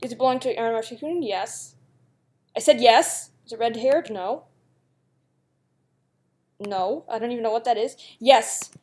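Young woman, giggly, chatty, slightly high-pitched, casual game commentary. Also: moderate pace, long pauses, a little mellow. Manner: giggly, chatty, reads questions aloud. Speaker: YouTuber playing a guessing game.

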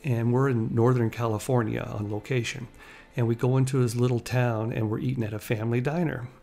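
A man with a gravelly, fry-tinged voice tells stories in a loose, chatty way. He laughs now and then as he goes. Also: medium pitch, steady tone, brisk, dark tone. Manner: chatty, laughs while telling anecdotes. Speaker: host. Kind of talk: casual storytelling.

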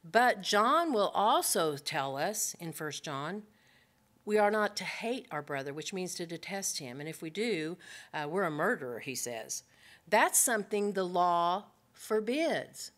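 A woman's voice: lowish voice, very animated, fairly bright tone. Earnest woman teaching a Bible study. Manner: earnest, addresses listeners directly with rhetorical questions; slows down to stress key points.

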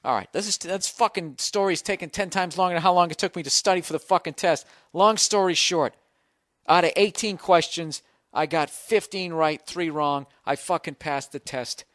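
A middle-aged Boston man rants through a comic story on his podcast, swearing freely and acting out his own panicked thoughts. His voice sits a bit high for a man, and the close mic sounds dry with no room around it. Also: moderate pace, dry recording. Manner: profane, animated storytelling with self-mocking inner voices. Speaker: podcast host. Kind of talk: comic monologue.

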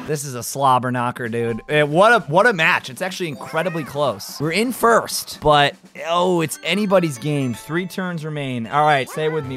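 A man plays through a party game with hyper, running commentary, chanting single words again and again and shouting at the screen. His voice sits on the high side, with a little music playing faintly underneath. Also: lively intonation, brisk, few pauses. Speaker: gaming YouTuber. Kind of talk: excited let's-play commentary.

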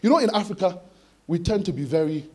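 Guy preaching to students, lively swoopy delivery, breaks into shouts acting stuff out. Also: high-pitched, fast talker, slightly rough. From Ghana. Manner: animated, acts out voices with sudden shouted bursts. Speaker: conference speaker preaching to students. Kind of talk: expository sermon.

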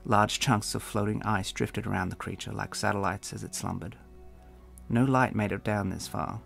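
Gravelly low-voiced man reading a novel. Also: steady tone, normal speed, fairly bright tone, faint music behind. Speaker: author and narrator. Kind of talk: audiobook narration.

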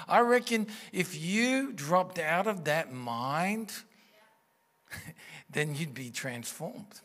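Speaking very slowly but with animation, a pastor with a slightly high, fairly bright voice delivers a sermon in a church auditorium through a stage mic. He sounds earnest and conversational and poses rhetorical questions.

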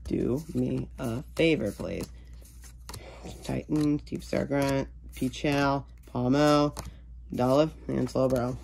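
A man's voice: medium pitch, slow pace, vocal fry, darkish tone, a little hiss or hum. A man casually narrating while he opens trading card packs, rambling and joking to himself and sometimes calling himself by name in the third person. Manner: rambling, jokey self-talk, refers to himself in third person. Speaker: card-opening video host.

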